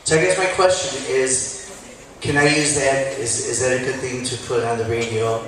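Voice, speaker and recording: Rambling man from the audience, mid-pitched, far off in an echoey room. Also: steady tone, moderate pace, a bit bright, a little hiss or hum. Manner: chatty, storytelling, quotes others. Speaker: audience member asking a question. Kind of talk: rambling personal question. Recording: echoey hall, recorded from far off.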